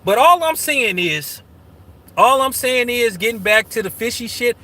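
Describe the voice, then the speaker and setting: A man talks on his livestream in a high, piercingly bright voice. He is profane, slangy and combative, calling out chat and telling his moderators to remove people. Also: lively intonation, unhurried. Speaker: channel host. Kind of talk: casual livestream talk.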